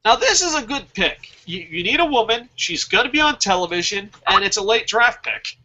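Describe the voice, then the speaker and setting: Animated, profane man hosting a draft. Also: high-pitched, moderate pace, lo-fi sound. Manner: animated, profane, laughs often at his own jokes. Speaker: host of a fantasy wrestling draft show. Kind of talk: casual profane chat.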